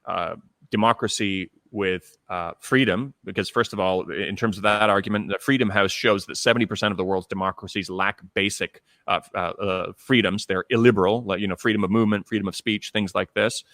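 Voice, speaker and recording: A man's voice: lowish voice, fairly even intonation, brisk, a bit bright, no room sound, studio quality. A man raised in Canada hosting a conversational interview, thoughtful and full of fillers and restarts. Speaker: interviewer, channel host.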